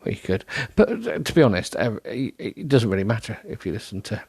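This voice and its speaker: A man's voice: lowish voice, sing-song, fairly quick, creaky, a little mellow, slightly rough, no echo. A man hosting a solo podcast, rambling in a self-deprecating way with many ums and restarts, sounding tired. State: tired, yawning. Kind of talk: rambling casual monologue.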